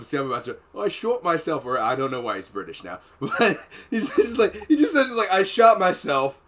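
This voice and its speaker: A man and former Marine telling profane, rambling war stories in a casual podcast chat. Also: on the high side. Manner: profane, rambling, animated storytelling. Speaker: podcast host.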